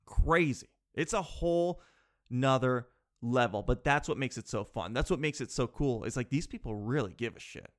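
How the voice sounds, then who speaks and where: A man talking in a rambling, animated way, asking himself rhetorical questions and swearing casually. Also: medium pitch, moderate pace. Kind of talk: casual chat.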